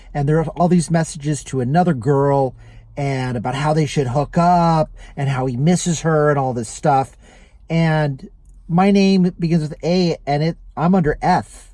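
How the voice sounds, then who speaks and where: A man voicing a peppy, energetic young woman who chats brightly and matter-of-factly. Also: on the high side, no room sound, lightly acted. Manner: bright, chatty and matter-of-fact.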